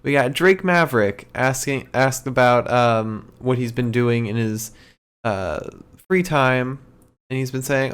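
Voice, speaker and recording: A man's voice: medium pitch, unhurried, fairly bright tone, clear, resonant tone. A man co-hosting a podcast, casually recapping the show with lots of ums and easy laughs. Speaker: podcast co-host.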